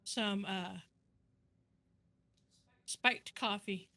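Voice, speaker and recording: Bright-voiced woman player, soft-spoken. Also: mid-range voice, steady tone, drawn-out words, dry recording. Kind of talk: casual tabletop play.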